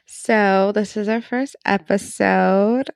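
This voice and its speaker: A woman's voice: medium pitch, steady tone, slow pace, gravelly, no echo. This young woman hosts a casual podcast in an upbeat, joking way, tossing in "like" as she goes. Her voice sits in a middle register and sounds dry and close to the mic. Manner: upbeat, joking, chatty with frequent "like". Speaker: podcast host.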